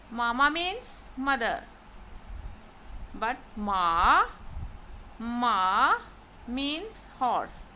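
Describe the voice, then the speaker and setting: A woman teaches a recorded lesson at a very slow pace with a high voice, repeating drawn-out model syllables. Faint noise sits under her voice. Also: sharp tone, poor audio. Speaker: language teacher.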